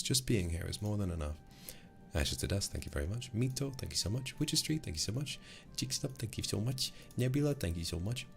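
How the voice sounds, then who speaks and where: Playful man, low voice. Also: lively intonation, fairly quick, creaky, slight background noise. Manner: playful, flirty, teasing. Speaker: streamer. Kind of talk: casual livestream chat, thanking donors.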